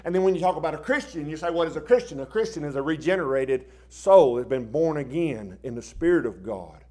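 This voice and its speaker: A man preaching a sermon in a folksy, plain-spoken way, dropping to quiet asides and rising into loud impassioned bursts. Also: a little high, lively intonation, a little fast, few pauses.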